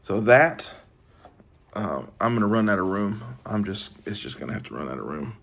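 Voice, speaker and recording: Folksy low-voiced man showing off knives. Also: sing-song, moderate pace, gravelly, a bit bright. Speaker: knife collecting channel host. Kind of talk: casual show-and-tell vlog.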